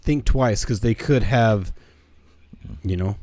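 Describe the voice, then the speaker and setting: A young man co-hosting a podcast in casual chat, rambling and halting as he searches for words. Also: lowish voice, warm tone, no room sound. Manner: rambling, halting, full of restarts. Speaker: podcast co-host.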